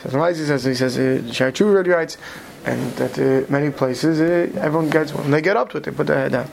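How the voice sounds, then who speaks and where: A man leads a study lecture, speaking quickly and often pausing to check in with his listeners. His voice sits fairly high. A light hiss runs under the recording. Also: creaky. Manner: quick, mixes Hebrew terms into English, many "right?" checks. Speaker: Torah teacher.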